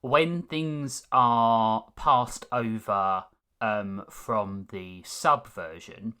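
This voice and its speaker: A man co-hosting a casual podcast chat, speaking in a chatty, animated way. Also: lowish voice, extremely slow, smooth. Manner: chatty, animated, acts out quotes. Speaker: podcast co-host.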